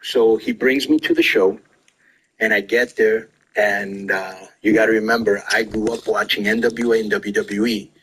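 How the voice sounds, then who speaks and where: Bright-voiced man telling wrestling stories. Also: on the low side, moderate pace, breathy edge, low-quality recording. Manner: animated, acts out quoted lines. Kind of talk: casual storytelling.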